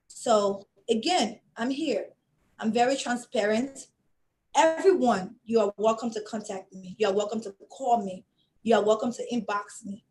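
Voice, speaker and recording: A woman's voice: on the high side, darkish tone, poor audio. A woman from Liberia giving an earnest, emotional closing appeal as an interview guest, close to tears and repeating phrases for emphasis. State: tearing up. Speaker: guest, project founder.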